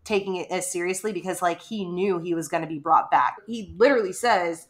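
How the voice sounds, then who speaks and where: A woman's voice: lowish voice, a little fast. A woman co-hosting a podcast, chatting casually and animatedly about a book and acting out lines from it. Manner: chatty, animated, acts out quotes. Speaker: podcast co-host.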